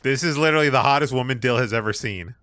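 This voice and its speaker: A man's voice: mid-range voice, racing, a bit bright. A man co-hosting a gaming podcast, teasing his friends and laughing often. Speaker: podcast co-host. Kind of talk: casual chat.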